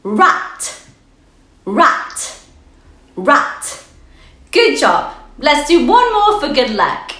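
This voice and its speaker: A woman leads a children's phonics lesson, sounding out each letter with great care. She speaks very slowly in a bright, high and lively voice. The room around her gives an echo. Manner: slow, sing-song and encouraging, sounding out letters.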